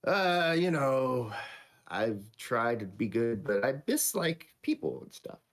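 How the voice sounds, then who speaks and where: A man's voice: mid-range voice, sing-song, slow. A man voicing a kind, humble young girl in a told bedtime story, speaking meekly.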